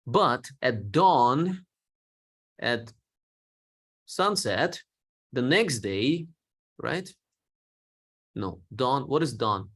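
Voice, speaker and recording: A man teaching a Bible story lesson, explaining words simply and slowing down for learners. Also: medium pitch, very animated, fairly bright tone. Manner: acts out quoted lines with feeling.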